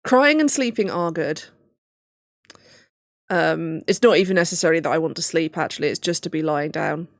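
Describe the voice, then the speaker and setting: A young woman, a livestreamer and PhD student, talks casually on stream in a low voice at a moderate pace, close to tears. She thinks aloud with nervous laughs, and the recording is clean studio sound without echo.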